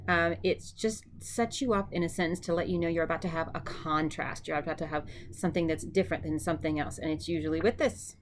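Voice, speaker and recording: A woman's voice: low-pitched, steady tone, fast, hardly any pauses, a little hiss or hum. A woman teaching vocabulary in a chatty way, repeating each word for her students to echo back. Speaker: Greek teacher. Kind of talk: vocabulary lesson.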